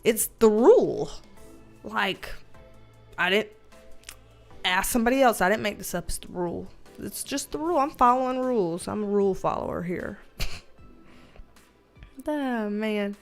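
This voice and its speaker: A woman's voice: mid-range voice, animated, unhurried, pauses often, soft background music. A woman with a Southern US accent, hosting a casual livestream and chatting loosely as she reads viewer comments aloud, laughing often. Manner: chatty, loose and colloquial with mild swearing. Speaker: livestream host and tarot reader.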